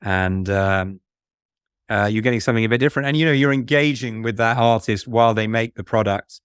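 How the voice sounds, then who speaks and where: A man being interviewed about investing, speaking in a musing, halting way with many restarts. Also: lowish voice, smooth, no room sound, clean studio sound. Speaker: fund manager guest. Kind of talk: conversational podcast interview.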